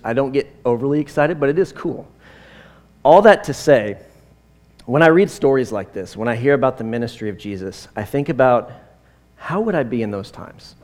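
Man, forties, preacher, conversational sermon, rambling asides, mid-pitched voice. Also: a little mellow. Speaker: pastor.

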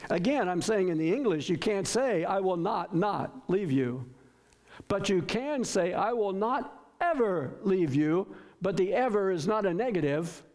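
A man's voice: high-pitched, animated, unhurried, a little mellow. A man preaching a sermon, emphatic and stressing words by repeating them, often asking his listeners questions. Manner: asks the congregation questions. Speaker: pastor.

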